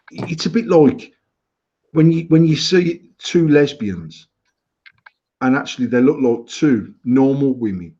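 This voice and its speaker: A British man co-hosts a casual banter podcast, his medium-pitched voice mellow and the sound lo-fi. He talks bluntly and opinionatedly, swearing a lot and often restarting.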